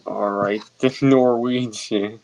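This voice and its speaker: A man's voice: lowish voice, fairly even intonation, takes it slowly, noisy background. A young man on a casual voice-chat stream, mostly giving short replies that echo the host. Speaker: stream guest.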